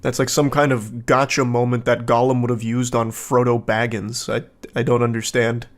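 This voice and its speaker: A man's voice: medium pitch, normal speed. Sarcastic male commentator. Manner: sarcastic, deadpan asides. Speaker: online commentator. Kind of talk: casual video commentary.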